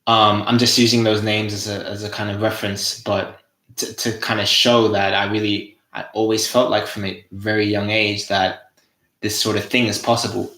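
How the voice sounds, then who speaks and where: Young Australian man, lowish voice, casual and profane, echoey room. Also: flat delivery, moderate pace, pushed and bright. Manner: casual, swearing, repeating and restarting phrases. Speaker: host. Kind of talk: motivational monologue.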